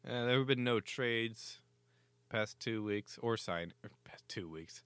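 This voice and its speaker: A man's voice: fairly low pitch, unhurried, a bit bright, clean tone, no room sound. A man co-hosting a hockey chat, telling stories animatedly, laughing and swearing. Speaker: hockey podcast co-host. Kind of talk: casual sports banter.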